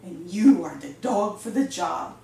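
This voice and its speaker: Storybook dog: woman doing an eager tiny chihuahua, lower voice, echoey room. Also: lively intonation, measured pace, creaky, a little mellow. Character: small excited male chihuahua. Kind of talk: storybook read-aloud. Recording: echoey room, distant mic.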